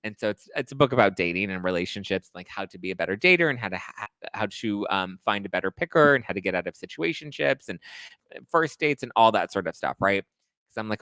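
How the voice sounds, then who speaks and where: A man's voice: fairly low pitch, fairly quick, fairly bright tone, dry recording. A male host recapping reality TV gossip in a casual, crude, playful way. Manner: gossipy, crude, playful, breaks into song snippets.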